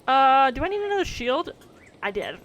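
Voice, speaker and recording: A woman's voice: high voice, big pitch swings, normal speed, fairly bright tone, a little hiss or hum. A young woman streaming a video game, chatting casually to her viewers, laughing often and exclaiming when things go wrong. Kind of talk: casual gameplay commentary.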